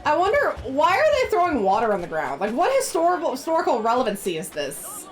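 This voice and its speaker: A woman's voice: high-pitched, wildly swooping pitch, quick pace. A woman streamer chatting playfully while she plays a game and reads its text aloud. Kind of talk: casual gameplay commentary.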